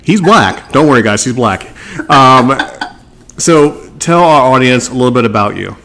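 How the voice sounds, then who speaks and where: A man's voice: mid-range voice, expressive, a little slow, bright, forceful tone, slight background noise. Guy hosting a podcast, joking around, loose and rambly, plain middle voice. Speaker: podcast host. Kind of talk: casual podcast chat.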